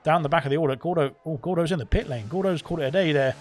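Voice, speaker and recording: Fast-talking male sim racing commentator. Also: a little high, a little hiss or hum. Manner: rambling, many fillers and self-corrections. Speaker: esports race commentator.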